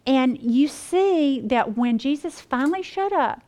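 A woman teaching the Bible to a group, folksy and animated, talking to them as y'all. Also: high-pitched, a little slow.

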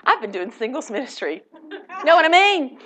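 A woman telling a personal faith story to a live audience, animated and laughing, acting out quotes. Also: sits high, normal speed, a little hiss or hum. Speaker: speaker at a Christian event.

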